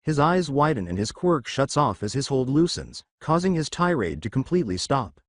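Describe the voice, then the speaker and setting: A man narrating fan fiction in a steady, scripted storytelling manner. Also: medium pitch, normal speed, no room sound, clean studio sound.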